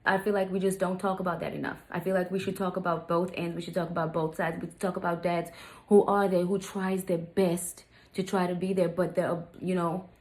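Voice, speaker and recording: A woman's voice: lowish voice, flat delivery, brisk, darkish tone. A young adult woman telling a personal story to her viewers, candid and venting, often calling them "you guys". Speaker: vlogger.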